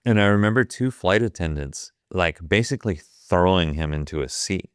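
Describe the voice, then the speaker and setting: Deep-voiced man in his fifties, swearing storyteller. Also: lively intonation, normal speed, clean tone, no room sound, studio quality. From Ohio. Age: 50s. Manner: profane, vivid retelling that acts out the quoted dialogue. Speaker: guest, photographer. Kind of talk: casual storytelling.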